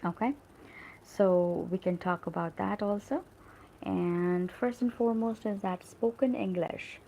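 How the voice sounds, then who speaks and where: A woman's voice: mid-range voice, a little slow, vocal fry, mellow, a little hiss or hum, poor audio. A woman teaching English grammar in a live stream. She explains step by step, keeps asking "right?", and acts out example sentences with emphasis.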